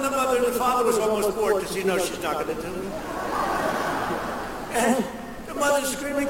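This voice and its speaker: Brief: high-pitched male speaker telling a rambling story, caught from far off in a booming noisy hall. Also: expressive, measured pace, long pauses. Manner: rambling storytelling, acting out quoted voices. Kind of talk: political speech.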